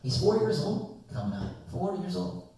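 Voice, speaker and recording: A young man telling a long, rambling story to friends in a casual chat, animated and swearing freely. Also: high voice, moderate pace, vocal fry. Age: young adult. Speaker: guest storyteller. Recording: echoey room, distant mic.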